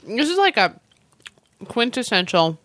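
A woman co-hosting a casual food chat, talking quickly and chatting while she eats. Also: a little high, sing-song, a bit bright, no echo. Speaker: co-host.

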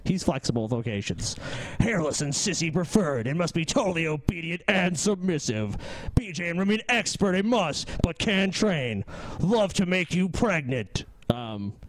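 A man's voice: on the high side, very animated, normal speed, no room sound, low-quality recording. A man co-hosting a podcast, reading personal ads and mocking them with brash, profane remarks. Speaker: podcast co-host. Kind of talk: casual crude banter.

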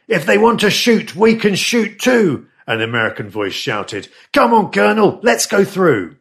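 A man narrating a history podcast in a scripted, storytelling way, stressing dramatic moments. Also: on the high side. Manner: storytelling with lively dramatic emphasis.

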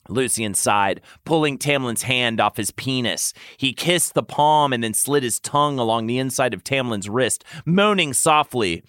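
A man, a podcast host, narrating in a mock-sultry, deadpan comedic reading. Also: lowish voice, a little slow, hardly any pauses, smooth, dry recording, studio quality.

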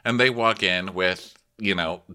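Bright-voiced man recapping with jokes. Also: a little slow, clear, resonant tone. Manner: jokey, bursts into shrill mocking impressions. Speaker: podcast co-host. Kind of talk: comedic recap chat.

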